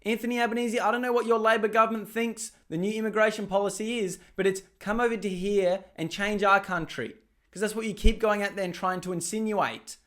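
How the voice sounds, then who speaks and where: A man with a high voice delivers heated commentary. He is blunt and profane, talking straight at the viewer. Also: steady tone, brisk, a bit bright. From Australia. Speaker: political commentator. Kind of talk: ranting commentary over clips.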